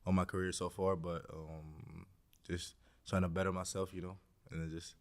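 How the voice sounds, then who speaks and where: A young man from Greece who talks with an American accent answers questions in an easygoing way, leaning on "um" and "like" as he goes. His voice is low and smooth. The sound is close and dry. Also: little pitch movement, moderate pace, no room sound. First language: Greek. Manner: laid-back, many fillers like "um" and "like". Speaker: guest, basketball player. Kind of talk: casual interview chat.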